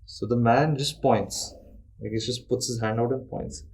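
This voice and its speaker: A man's voice: medium pitch, fairly even intonation, normal speed, darkish tone, poor audio. A young man, casually telling a ghost story on a podcast and swearing freely. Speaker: podcast host.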